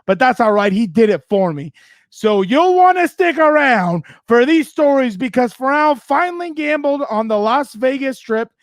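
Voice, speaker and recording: A man with a strikingly high voice, fired up and ranting about his team in loud, quick bursts. The sound is dry and close, with no room around it. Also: big pitch swings, no room sound. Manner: worked up, loud and fast bursts. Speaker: podcast co-host. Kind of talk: fired-up sports rant.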